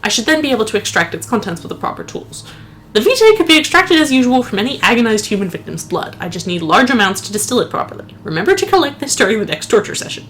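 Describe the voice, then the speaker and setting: A woman co-hosting a let's play, chatting casually and reading in-game notes aloud in a slow, solemn voice. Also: on the high side, sing-song, fairly bright tone, a little hiss or hum. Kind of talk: casual gameplay chat and read-aloud.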